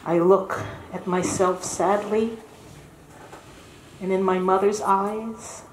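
A woman singer introducing a folk song on stage, telling its sad story gently and unhurriedly. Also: mid-range voice, steady tone, slow, slight background noise. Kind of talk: slow spoken song introduction at a concert. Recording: echoey hall with faint music.

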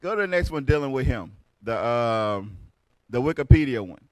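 Animated preaching man, dry close sound. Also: mid-range voice, moderate pace, no echo. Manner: loud, rhetorical, repeats "right?". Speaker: teacher leading a lesson. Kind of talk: street preaching lecture.

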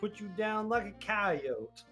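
High-voiced man in a put-on cowboy drawl. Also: expressive, slow, bright, forceful tone, faint music behind. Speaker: game streamer. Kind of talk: casual live-stream chat.

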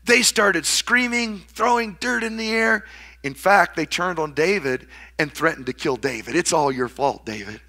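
Bright, fervent male preacher. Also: moderate pace. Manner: dramatic, acts out quoted voices with big swings in pitch and volume. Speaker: pastor. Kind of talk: sermon.

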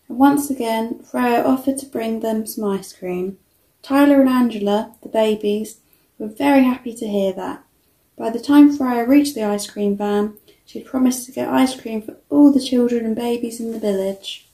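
A woman reading a children's storybook aloud in a steady read-aloud manner. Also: on the high side, moderate pace, creaky. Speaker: storybook reader. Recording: echoey room.

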